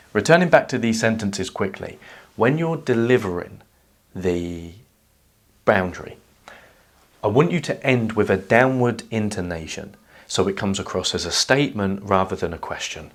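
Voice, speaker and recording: A man calmly explaining social skills in a measured whiteboard lesson. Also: fairly low pitch. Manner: calm, measured teaching delivery. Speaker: self-help educator.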